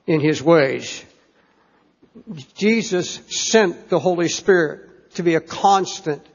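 A man preaching a sermon in a church in a deliberate, earnest way, stressing key phrases. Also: a little high, husky. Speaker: pastor. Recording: dull sermon tape in a reverberant church.

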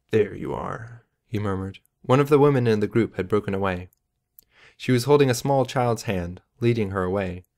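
A man reading an audiobook in measured, even scripted narration. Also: lowish voice.

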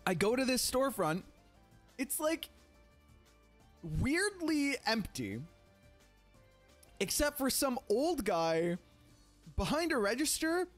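A young man with a fairly high voice spins a rambling, animated story for his livestream, peppering it with fillers and the occasional swear. Soft music plays faintly behind him. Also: takes it slowly, pauses often. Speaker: streamer.

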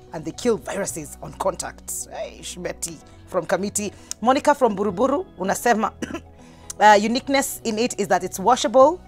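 Bubbly Kenyan woman hosting a TV show. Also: medium pitch. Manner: bubbly, reads out viewer messages and winners. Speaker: talk show host. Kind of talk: lively TV talk show hosting. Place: TV studio.

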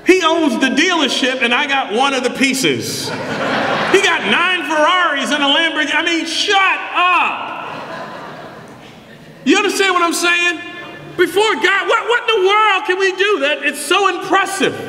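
A middle-aged male pastor preaching a sermon, telling stories with bursts of shouting. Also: very high voice, normal speed, a crowd in the background. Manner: animated storytelling, shouting for emphasis. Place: large church hall. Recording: echoey church hall.

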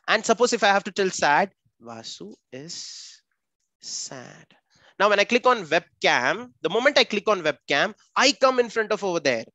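A man's voice: a little high, sharp tone, dry recording. A man with an Indian English accent teaching a live online coding class for children, upbeat and chatty, calling on students by name.

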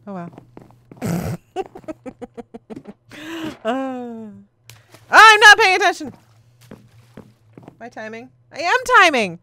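Chatty woman with a lively, swooping voice. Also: sits high, extremely slow, pauses often. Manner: chatty, rambling storyteller who laughs often. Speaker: gaming video host. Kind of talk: casual chat while playing a game.

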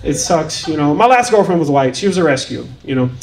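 A man doing stand-up in a comedy club. His voice sits high for a man. He is provocative and keeps offering mock apologies into a handheld mic. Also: big pitch swings, fairly quick, a crowd in the background.

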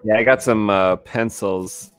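A man on a comic-art livestream talking casually in halting bursts, with many filler words. His voice sits a little low, and soft music hums in the background. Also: clear, resonant tone, no echo. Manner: halting, filler-heavy talk. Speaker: comic artist co-host.

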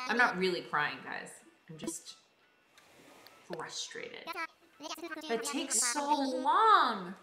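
A woman's voice: on the high side, very animated, extremely slow, pauses often, reverberant, music in the background. A young woman streaming a game live, chatting with viewers and sounding exasperated.

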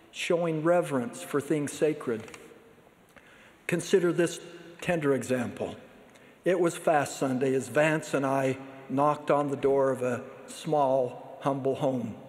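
A man delivers a sermon at a large conference, his voice sitting a little high for a man. He speaks in a measured, earnest way. The sound rings with the long reverb of a big hall. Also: a little mellow. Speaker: church leader giving a conference address.

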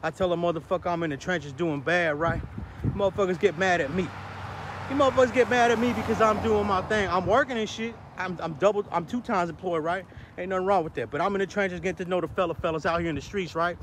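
A high-pitched man rants in a casual street vlog, full of streetwise slang and profanity. He is recorded outdoors on a city street, with loud traffic noise around him. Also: fast. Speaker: vlogger.

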